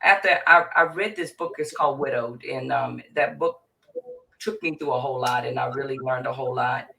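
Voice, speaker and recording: A woman's voice: very deep voice, fairly quick, vocal fry, pushed and bright. A middle-aged woman, a mental health therapist, speaking as an interview guest in an emphatic, repetitive and impassioned way. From Virginia, USA. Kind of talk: emotional interview talk. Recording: distant mic with faint noise.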